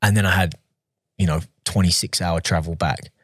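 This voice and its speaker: A man talking as a podcast guest, telling casual stories, chatty and quick to laugh, often restarting his sentences. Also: low voice, steady tone, fairly bright tone, breathy edge, dry recording, studio quality. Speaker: podcast guest, professional fighter. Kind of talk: casual storytelling in an interview.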